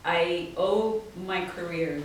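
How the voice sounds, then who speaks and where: A woman tells animated stories, laughing often and slipping into the voices of people she quotes. She sits back from the mic in a very echoey room, and a faint hiss runs under her voice. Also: lowish voice, takes it slowly, distant mic. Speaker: guest artist. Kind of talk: storytelling talk. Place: small office event space.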